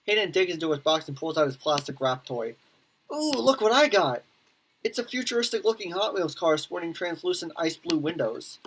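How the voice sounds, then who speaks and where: A woman with a low, lively voice reads a story game aloud and gives its characters their own voices. She jumps between reading and quick, joking asides. Faint noise sits under the recording. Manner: reads lines in many voices, quick reactions and laughs. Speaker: gaming YouTuber. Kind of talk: let's play, reading game dialogue aloud with commentary.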